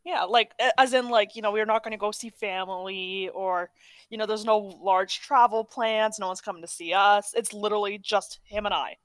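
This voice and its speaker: A woman's voice: mid-range voice, fairly even intonation, normal speed, dry recording. Chatty young woman podcast co-host. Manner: rambling, self-correcting, chatty. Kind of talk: casual chat.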